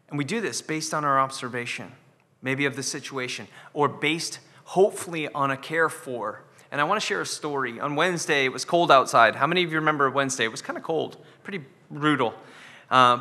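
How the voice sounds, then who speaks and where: A man's voice: mid-range voice, pushed and bright, big-room sound. A man preaching an earnest sermon as pastor, often repeating words as he builds a point. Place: church sanctuary.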